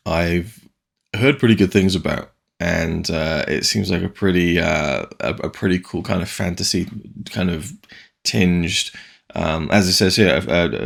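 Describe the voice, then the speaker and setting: Man, channel host, low voice, rambling, keen, casual disc review chat. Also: vocal fry. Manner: rambling, with many restarts and asides; enthusiastic. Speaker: physical media reviewer. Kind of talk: casual video rundown of new disc releases.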